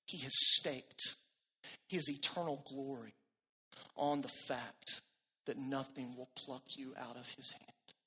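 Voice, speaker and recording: A man preaching a sermon as pastor, earnest, swelling louder on key phrases and dropping soft at the ends of lines. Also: medium pitch, steady tone, slow, breathy edge.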